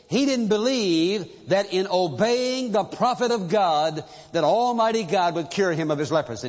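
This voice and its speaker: A pastor preaching a sermon, telling a story with emphasis and asking rhetorical questions, in a dull, echoing recording from a large church hall. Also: male voice, high voice.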